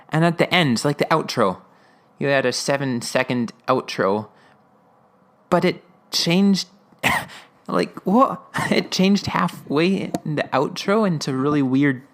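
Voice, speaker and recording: Male podcast host, loose rambling recap, frequent um and like. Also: a little high. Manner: rambling, laughing, many fillers. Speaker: podcast host reviewing episodes. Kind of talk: casual episode discussion.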